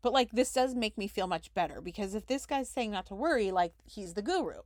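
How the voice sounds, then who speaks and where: A woman's voice: medium pitch, expressive, fairly quick, darkish tone, no echo. A young woman telling a personal story on her podcast, with chatty delivery full of "like" as she reenacts conversations. Her voice sits in an ordinary middle range, close and dry with no room sound. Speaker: podcast host. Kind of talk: casual storytelling.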